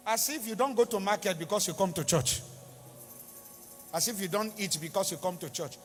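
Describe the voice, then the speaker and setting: This Nigerian-accented man delivers an impassioned sermon in a big church hall, the recording echoing with music behind him. He speaks a little fast in a high voice, leaving long pauses, pleading and hammering points home through repetition.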